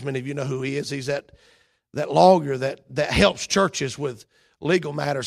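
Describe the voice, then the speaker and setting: A man preaching a sermon as pastor, impassioned, his delivery rising to shouts. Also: a little high, vocal fry.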